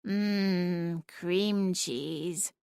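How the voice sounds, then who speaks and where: A woman's voice: mid-range voice, normal speed, bright, forceful tone, no room sound, lightly acted. A woman voicing a small, sassy female talking cat who is bossy and bloodthirsty, in a dry audiobook reading. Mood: snarky. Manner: snarky, bossy, dramatic.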